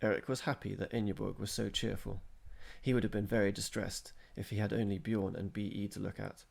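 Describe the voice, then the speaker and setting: A man reading a chapter of a story aloud at a steady, measured pace. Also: lowish voice, vocal fry. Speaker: narrator.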